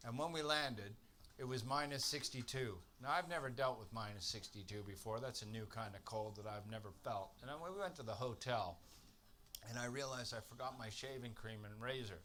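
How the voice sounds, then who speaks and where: A man from Canada doing a stand-up set on a comedy club stage, telling exasperated stories that build to shouted punchlines. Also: mid-range voice, brisk. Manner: exasperated storytelling, swearing, rising to shouted punchlines. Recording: live club recording with audience noise.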